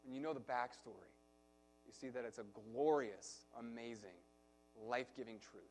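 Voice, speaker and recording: A male pastor preaching a sermon, telling a personal story in an animated way, swinging from soft to loud. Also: medium pitch, moderate pace, soft background music.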